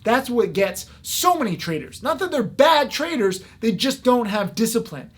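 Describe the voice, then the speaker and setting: High-voiced man lecturing on trading. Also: sing-song, slightly rough. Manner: fast, emphatic, filler-heavy lecturing. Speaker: stock trading educator. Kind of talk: direct-to-camera talk.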